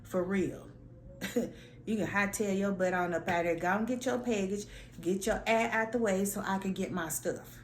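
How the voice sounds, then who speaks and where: A woman's voice: mid-range voice, normal speed, a little hiss or hum. Sassy woman telling a story in an echoey room. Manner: sassy, animated, slangy, acts out her own lines. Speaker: vlogger. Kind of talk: casual storytelling rant.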